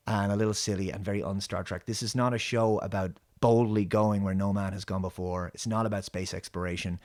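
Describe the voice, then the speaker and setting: A man with a fairly low voice hosts a solo review show. He rambles critically through a television episode, restarting sentences and filling pauses with "uh" and "you know.". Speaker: show host.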